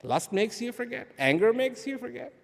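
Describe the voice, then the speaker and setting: Animated man speaking in a reverberant hall. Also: extremely high pitch, normal speed, creaky. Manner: animated, uses rhetorical questions, repeats phrases for emphasis. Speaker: speaker addressing an audience. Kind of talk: inspirational public talk. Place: large event hall.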